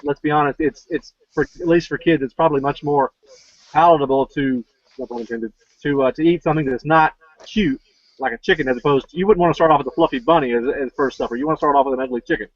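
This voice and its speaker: Man, slightly high voice, rapid joking panel guest, muffled dry sound. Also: no echo. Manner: quick, joking asides. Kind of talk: casual panel discussion.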